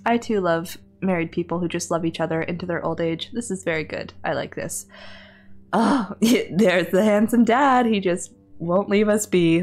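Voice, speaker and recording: A woman reading a text game aloud on a livestream, excitable and nervous, laughing often and dropping into whispers. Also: fairly low pitch. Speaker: streamer.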